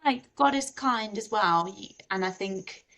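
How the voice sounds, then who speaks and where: A woman's voice: medium pitch, measured pace, creaky, lo-fi sound. A woman, a mother and podcast guest, telling candid stories in casual chat with laughs. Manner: candid, animated storytelling with laughs. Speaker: mother of two.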